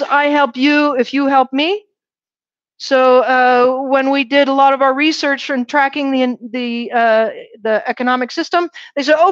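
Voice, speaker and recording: A woman's voice: sits high, no room sound. A woman lecturing a university class, often checking in with "right?" and asking the students questions. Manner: lively, poses questions to the class. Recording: dull, dry classroom recording.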